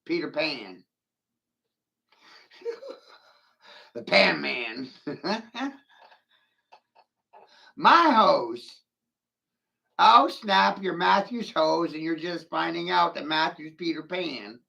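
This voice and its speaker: A gravelly man drawls through a rambling, taunting monologue. His pitch swings up and down as he mocks and curses, and he laughs at his own jokes. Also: expressive, slow, pauses often, bright, forceful tone. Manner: brash and profane. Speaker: vlogger ranting to camera.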